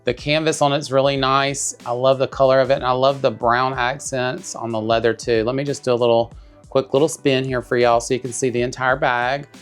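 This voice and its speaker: A man's voice: medium pitch, flat delivery, fairly quick, smooth, faint music behind. A man chatting enthusiastically to his viewers while unboxing a tote bag at home. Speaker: bag reviewer. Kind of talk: casual unboxing vlog.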